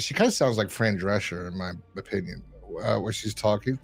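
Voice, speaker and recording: A man's voice: on the low side, a little fast, vocal fry, slightly rough. Rambling man hosting a review podcast. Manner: rambling, lots of fillers and "like". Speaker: podcast host reviewing a horror episode. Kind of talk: casual chat.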